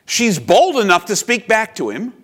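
A man's voice: mid-range voice, animated, normal speed, fairly bright tone. A man in his fifties preaching a sermon as pastor, reflective and confessional, with personal asides.

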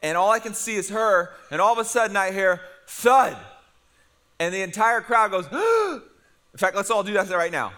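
A middle-aged man preaching a sermon, telling a story with lively humor to his congregation. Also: sits high, brisk, clean tone. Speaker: pastor.

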